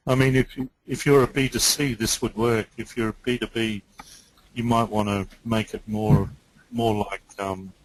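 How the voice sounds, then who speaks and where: A man's voice: fairly low pitch, level tone, normal speed, poor audio. A man taking part in a webinar discussion, putting a point hesitantly. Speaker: webinar participant.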